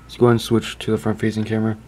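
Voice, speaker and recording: A man's voice: fairly low pitch, monotone, fast, mellow. A man giving a casual phone review indoors, chatty and stumbling over his words, often stopping to apologize. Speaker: tech reviewer.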